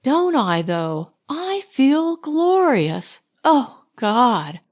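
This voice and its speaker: A woman's voice: fairly high pitch, very animated, takes it slowly, dry recording, clean studio sound. A woman voicing a spirited, impulsive young American woman. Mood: joyous.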